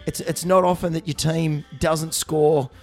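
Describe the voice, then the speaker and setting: An Australian man co-hosting a podcast as a vet, his voice hoarse and gravelly, rambling and joking with lots of fillers. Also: on the high side, level tone, unhurried, faint music behind. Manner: rambling, jokey, many fillers. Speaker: podcast co-host, veterinarian. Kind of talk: casual chat.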